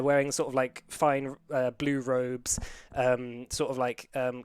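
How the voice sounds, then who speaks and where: A young man as game master, rambling through scene descriptions at a middle pitch, full of filler words. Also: dry recording. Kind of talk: narrating a tabletop game.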